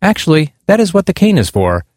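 A man's voice: a little high, huge pitch swings, brisk, darkish tone, no echo, studio quality, pitched above the performer's own voice. A man reading the lines of a patient, good-humored blind woman traveler who stays polite but firm.

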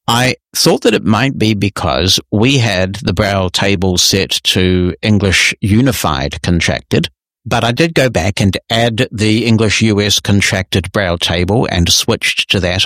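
Male podcast host, low voice, dry booth sound, steady explainer answering listener mail. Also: no echo. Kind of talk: casual talk.

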